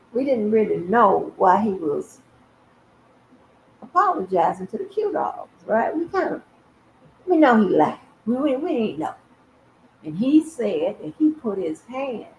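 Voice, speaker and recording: A woman's voice: on the high side, big pitch swings, a little slow, creaky, long pauses, slight background noise. A woman hosting a casual commentary stream, chatty and profane, talking straight to her viewers. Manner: chatty, addresses viewers directly, swears freely. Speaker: commentary channel host. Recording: echoey, slightly muffled room audio.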